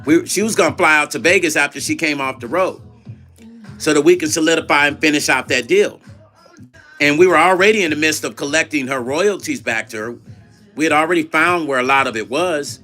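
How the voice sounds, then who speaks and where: A man's voice: a little high, a little fast, pushed and bright, faint music behind. A middle-aged man hosting a casual livestream, telling a story in quoted back-and-forth dialogue and reading viewer chat aloud. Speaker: vlog host.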